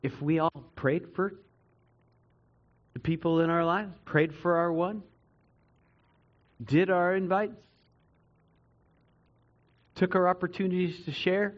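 Man preaching, kinda high voice, earnest, goes loud then quiet, muffled lo-fi sound. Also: fairly even intonation, slow pace, long pauses. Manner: earnest, dramatic swings between loud emphasis and quiet reflection. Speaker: pastor. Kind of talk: sermon.

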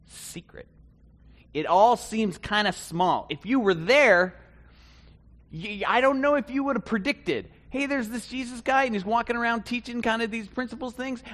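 A man preaching a conversational sermon, swinging between loud bursts and hushed asides. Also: high voice. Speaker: pastor.

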